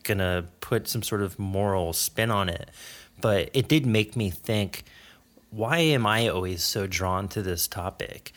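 Deep-voiced nasal American man. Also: a bit bright. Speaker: interviewer. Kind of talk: casual interview conversation.

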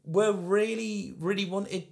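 A man's voice: sits high, slow pace, vocal fry, a little mellow. A British man, a young adult comedian, chatting casually on a podcast with a jokey manner. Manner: jokey, slips into silly voices. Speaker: comedian guest.

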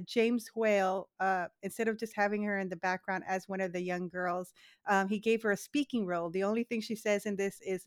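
A woman's voice: medium pitch, no room sound, clean studio sound. A woman co-hosting a casual podcast conversation. She jokes around and keeps restarting her sentences. She sounds loose and unscripted. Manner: playful, joking, self-interrupting. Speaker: podcast co-host. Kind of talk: casual chat.

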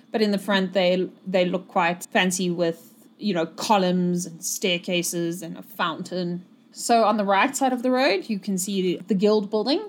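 A woman running a tabletop game as game master, describing the scene in a relaxed way with many fillers. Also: mid-range voice.

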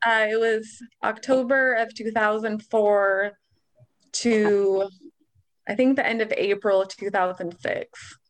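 A woman's voice: medium pitch, steady tone, slow. Chatty woman telling a rambling story. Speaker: guest recalling her past. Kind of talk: casual group chat.

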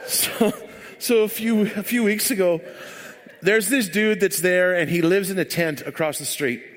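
Church speaker, man, high voice, rambling and joking, long hall reverb. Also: unhurried. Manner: rambling, joking, filler-heavy. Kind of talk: sermon with casual storytelling.

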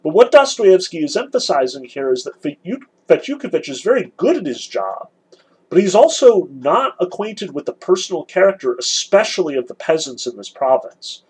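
A man's voice: fairly high pitch, sing-song, normal speed, a little mellow, breathy edge, low-quality recording. A man teaching a literature lesson, explaining the scene step by step and weighing each side in turn. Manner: explanatory, weighs both sides repeatedly. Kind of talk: recorded lecture.

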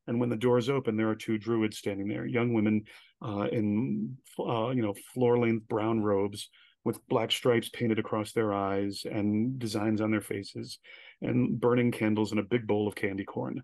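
A man's voice: on the low side, fairly even intonation, unhurried, gravelly, darkish tone, no echo. A man, a guest on an interview podcast, telling stories animatedly and acting out the quoted lines. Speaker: guest, director.

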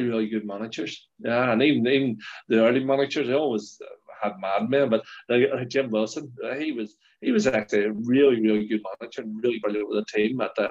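Middle-aged Northern Irish ex-footballer, loose chatty anecdotes, muffled lo-fi audio. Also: male voice, mid-range voice, quick pace, darkish tone. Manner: rambling anecdotes with frequent laughs and restarts. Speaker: former footballer guest. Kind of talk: casual storytelling chat. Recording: dull lo-fi sound.

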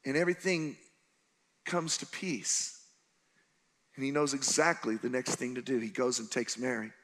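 A man preaching a sermon as a pastor, telling stories with lively character voices and shifting between shouts and soft moments. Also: mid-range voice, moderate pace. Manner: animated storytelling, voicing characters.

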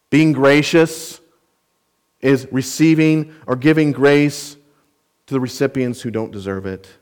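In a medium-pitched, clean-toned voice, a pastor delivers an emphatic, earnest expository sermon, clarifying word meanings and directing rhetorical questions at those listening.

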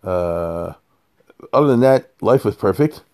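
Older man, rabbi, low voice, rambling informal talk, blunt, checks listeners. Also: lively intonation, unhurried, darkish tone. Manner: rambling, blunt, peppered with Hebrew and Yiddish terms; asks "you understand?" to check listeners.

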